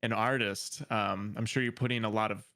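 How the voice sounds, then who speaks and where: A man's voice: lowish voice, steady tone, fairly quick, bright, forceful tone. A man co-hosting a podcast in a casual, joking way. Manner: joking, easygoing. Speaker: podcast co-host.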